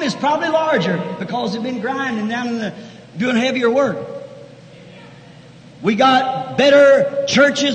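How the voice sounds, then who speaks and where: A man preaching a fervent sermon, swinging from shouted lines to hushed asides in a large church. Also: very high-pitched. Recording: echoey 1960s church hall recording with faint noise.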